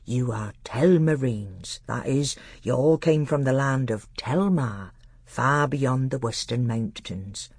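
A storybook reader voicing a small, kind, wise old male tutor who speaks gravely and corrects his pupil gently. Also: mid-range voice, slow, no room sound, studio quality. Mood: instructive.

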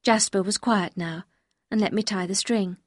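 A woman reading a novel aloud as first-person narrator, in a clear, measured storytelling manner. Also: mid-range voice, steady tone, dry recording, studio quality. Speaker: audiobook reader.

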